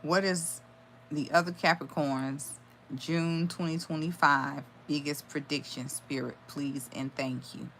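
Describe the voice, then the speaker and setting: Low-voiced woman reading tarot live. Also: fairly even intonation, unhurried, a bit bright, a little hiss or hum. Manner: channels aloud with sudden exclamations and swearing. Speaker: tarot reader.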